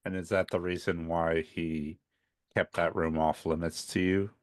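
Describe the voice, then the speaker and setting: A man playing in a tabletop role-play, asking measured questions. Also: low-pitched, little pitch movement, dry recording, clean studio sound. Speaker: player.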